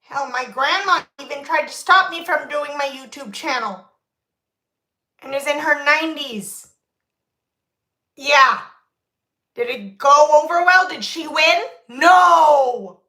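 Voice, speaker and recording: A young New woman with a very high, sharp voice, scolding her livestream chat in an indignant, emphatic rant. Her words bounce around an echoey room. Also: measured pace, long pauses. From Brooklyn, New York. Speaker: makeup livestreamer.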